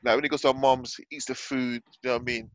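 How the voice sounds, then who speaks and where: A man chats animatedly, telling stories about family. His voice sits at a middling pitch. The sound is dry and close, with no room echo. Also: little pitch movement, very fast. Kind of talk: casual chat.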